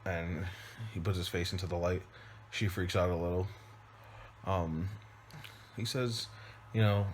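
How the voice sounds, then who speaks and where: A man, a father, casually recapping a film, loose and rambling, with frequent pauses and restarts. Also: sits low, steady tone, a bit bright, a little hiss or hum. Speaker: movie reviewer. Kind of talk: casual spoken movie recap.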